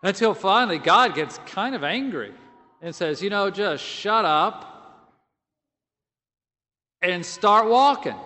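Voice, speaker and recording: A man delivers a sermon in a large church, his voice high-pitched and bright. He speaks slowly and casually, pausing on filler words. The sound carries a long echo from the hall. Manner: conversational, slow and deliberate, with filler words. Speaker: priest.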